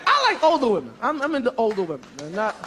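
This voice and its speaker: A man doing a stand-up comedy routine on a large theater stage, loud and animated, shouting his punchlines into a handheld mic. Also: very high-pitched, fast talker, big-room sound. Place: large theater stage before a laughing audience. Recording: live concert recording with crowd noise.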